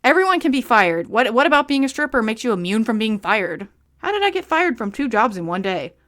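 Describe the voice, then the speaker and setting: A woman's voice: on the high side, sing-song, fairly quick, a bit bright. A young woman reading a book aloud and breaking in with sarcastic, exasperated comments. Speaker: book reviewer.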